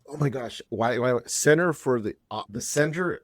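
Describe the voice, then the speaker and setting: A man's voice: mid-range voice, normal speed, a little hiss or hum. A man in his fifties, a podcast guest, telling a long personal story in a chatty, rambling way with frequent restarts. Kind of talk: casual storytelling.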